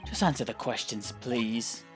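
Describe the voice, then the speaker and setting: A man's voice: medium pitch, a little slow, music in the background, lightly acted. A man voicing a cold, haughty male prosecutor, dismissive and clipped.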